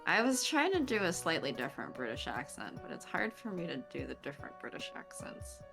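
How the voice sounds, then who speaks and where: A woman's voice: low voice, wildly swooping pitch, a little fast, creaky, music in the background. A woman co-hosting a game let's play, joking and laughing often in casual chat. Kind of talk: casual chat while playing a visual novel.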